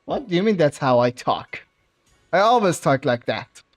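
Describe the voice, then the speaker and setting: A man's voice: fairly high pitch, sing-song, moderate pace, soft background music. A man from Iran with a Persian accent, his first language being Persian, chatting casually with his chat on a game livestream, laughing often and bantering playfully. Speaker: streamer.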